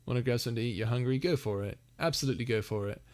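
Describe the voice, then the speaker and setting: A man's voice: medium pitch, very fast, darkish tone. A young man hosting a casual live Q&A, reading chat messages aloud and laughing often. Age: young adult. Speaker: livestream host.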